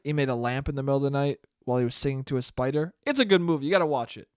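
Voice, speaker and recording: A man's voice: mid-range voice, very fast, clear, resonant tone, no echo, clean studio sound. A young man hosting a casual solo podcast, rambling in a profane, jokey way. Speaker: podcast host.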